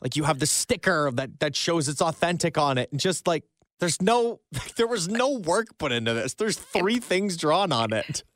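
A man's voice: fairly high pitch, very animated, normal speed, fairly bright tone, no echo. A young man co-hosting a radio show, rambling in an easygoing way and laughing often. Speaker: radio co-host. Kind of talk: casual radio chat. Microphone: studio microphone.

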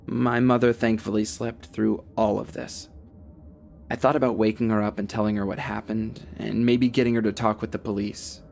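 A young man narrating a first-person horror story in a steady, tense telling. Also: lowish voice, normal speed, gravelly, a little hiss or hum. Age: young adult.

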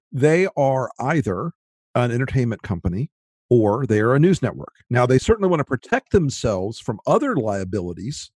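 A man's voice: medium pitch, a little mellow, breathy edge, dry recording, studio quality. A man on a political podcast panel, talking animatedly and acting out quotes in mock voices, swearing freely. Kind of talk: casual panel discussion.

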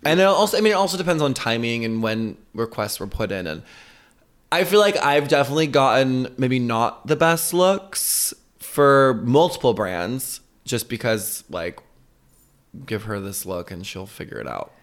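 A man's voice: medium pitch, lively intonation, normal speed. A man co-hosting a casual vlog chat, telling travel stories and swearing freely. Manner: chatty storyteller who swears freely. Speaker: co-host.

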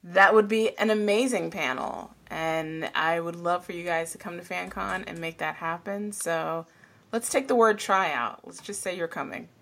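Low-voiced woman hosting a podcast. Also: moderate pace, gravelly, fairly bright tone. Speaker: podcast co-host.

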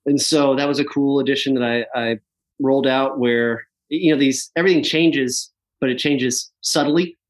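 A man's voice: mid-range voice, fairly even intonation, moderate pace. A man who is a podcast guest, talking about his work in an easygoing casual chat and laughing along. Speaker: podcast guest, app founder.

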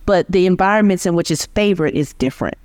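A woman's voice: on the low side, fast, darkish tone, no echo. Woman linguist explaining in a dry studio. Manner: explains patiently, checks in with "right?". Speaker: linguist guest. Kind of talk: explanatory interview talk.

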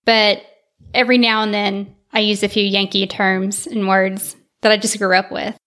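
A woman's voice: mid-range voice, level tone, moderate pace, a bit bright. A woman with an Alabama accent, a podcast guest telling stories in a chatty, laughing way. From Vallejo, California. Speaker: podcast guest, co-host of her own show. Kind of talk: casual interview chat.

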